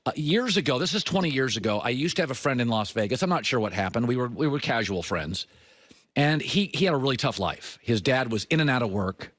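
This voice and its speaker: Animated male sports talk host. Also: a little fast, no echo, clean studio sound. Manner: emphatic, swings between high punchy lines and low confiding tones. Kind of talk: opinionated sports commentary monologue.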